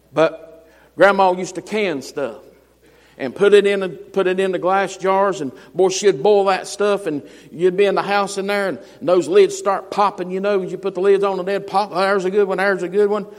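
Preacher man, high voice, folksy stories then big emphatic lines, big hall reverb. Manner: folksy storytelling, rising to emphatic shouts. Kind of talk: sermon.

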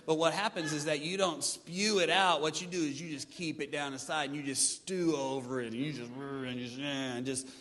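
A pastor preaching a sermon with lively delivery, acting out his listeners' excuses in changing voices. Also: a little high, moderate pace, hardly any pauses, in a large hall, a little hiss or hum. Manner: animated preaching, mimics congregants' excuses.

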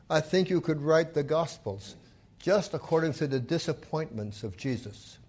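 Lively, expressive male preacher. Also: fairly high pitch. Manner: retells scripture with acted quotes, lively and emphatic. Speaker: pastor. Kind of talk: sermon.

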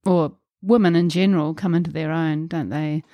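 Woman interviewer, lower pitch, encouraging and brief, dry studio sound. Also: fairly even intonation, normal speed, dark tone, no echo. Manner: encouraging, brief prompts and follow-up questions. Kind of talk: casual interview.

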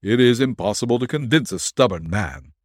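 A man's voice: medium pitch, expressive, fairly quick, dry recording, natural voice. Man playing a grave old colonel, stern and superstitious, dry close sound. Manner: grave and disapproving.

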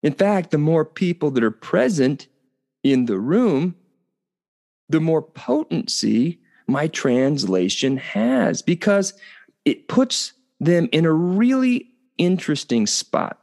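Middle-aged male host, animated storyteller, very expressive pitch. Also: slow. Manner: animated, conversational, tags points with "okay?". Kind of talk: storytelling talk.

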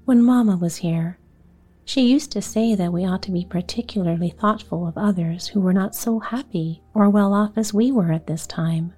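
A woman's voice: medium pitch, moderate pace, dark tone, breathy edge, lightly acted. A woman voicing a kind, earnest young girl in a storybook reading. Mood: gentle. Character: kindly well-off young girl, thoughtful.

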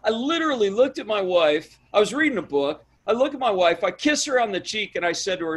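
A pastor and author appears as an interview guest, telling stories in an emphatic, sermon-like way that builds to shouts as he retells events. His high voice swings widely in pitch, and he talks fast with hardly any pauses.

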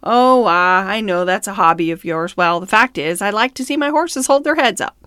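A woman's voice: medium pitch, expressive, normal speed, fairly bright tone, clear, resonant tone, no room sound, clean studio sound, close to an everyday voice. A woman reading the lines of a proud military captain who gets flustered and defensive.

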